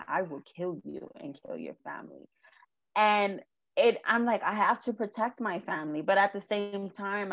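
This is a personal testimony from a young woman interviewed about her own painful past. Her voice is a bit low, and her earnest delivery keeps stalling on "like" and "um" while emotion brings her close to tears.

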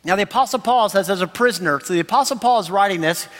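A man in his thirties preaching a sermon as pastor, animated and enthusiastic, laughing often. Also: high-pitched, quick pace. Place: church sanctuary. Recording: long hall reverb.

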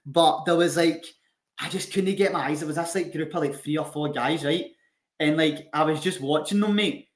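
A man's voice: fairly high pitch, normal speed. A young man telling a rowdy story with lots of swearing and laughter, as a podcast co-host in casual chat. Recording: echoey room.

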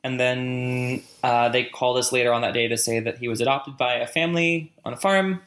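A man telling a long personal story in relaxed chat. He pauses often and muses aloud, with frequent fillers. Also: medium pitch. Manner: reflective storytelling, many fillers. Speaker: conversation partner. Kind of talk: casual chat.

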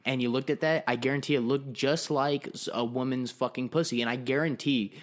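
A young man hosts a casual podcast, ranting with plenty of swearing. He calls his guest dude and bro. His voice sits at a medium pitch. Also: steady tone, brisk. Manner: profane, ranting, brash. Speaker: podcast host.

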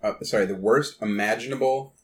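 A man playing a tabletop role-playing game, talking haltingly with frequent restarts. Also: lowish voice. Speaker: player. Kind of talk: tabletop role-play chat.

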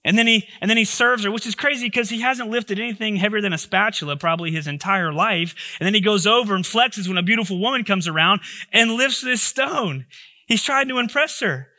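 A man's voice: sits high, brisk, pushed and bright, no room sound. A male pastor giving a sermon in a humorous, conversational way with joking asides.

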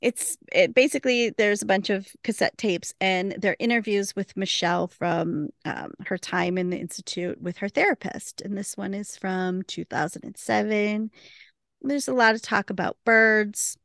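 A woman's voice: medium pitch, moderate pace, gravelly, fairly bright tone, no room sound, studio quality. A woman co-hosting a podcast, casually retelling a TV episode scene by scene, quoting characters and laughing often. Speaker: podcast co-host. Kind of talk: casual recap chat.

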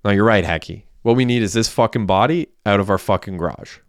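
Sarge, an anxious accomplice, read by a narrator. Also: male voice, on the low side, fast talker, no room sound, clean studio sound, close to an everyday voice. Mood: frantic. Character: anxious young man called Sarge, cleaning up a crime. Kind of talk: audiobook character voice.

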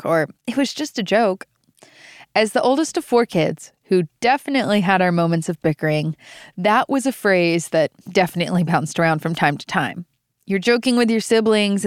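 A woman's voice: medium pitch, clear, resonant tone, no echo, studio quality. A young adult woman hosting a devotional podcast, reading scripture aloud and teaching it with earnest emphasis. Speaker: podcast host.

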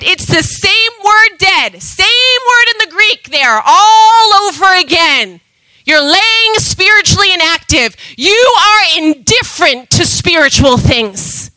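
A woman preaching a sermon with passion, going from loud emphatic calls to soft asides. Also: very high voice, lively intonation, slow pace, no room sound, low-quality recording.

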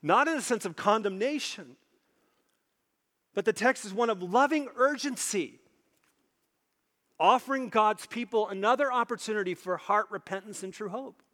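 High-voiced preacher in a reverberant hall. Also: male voice, fairly bright tone. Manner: emphatic, repeats phrases for stress, drops low and slow on key points. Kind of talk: sermon.

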